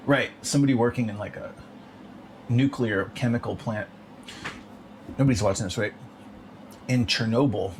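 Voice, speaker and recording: A man talking in a rambling, casual monologue, swearing often and filling his speech with "like". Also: fairly low pitch. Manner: profane, rambling, filler-heavy with frequent 'like'. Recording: noticeable background noise.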